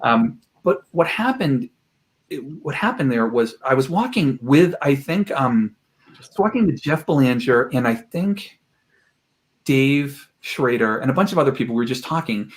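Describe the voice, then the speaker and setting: An animated man speaks as a guest expert on a podcast, his voice sitting at an ordinary middle pitch. He tells stories with plenty of energy and drops into quoted voices along the way. He sounds like he is talking over a video call from a room at home. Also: normal speed. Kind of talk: podcast interview storytelling. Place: home room with collected objects.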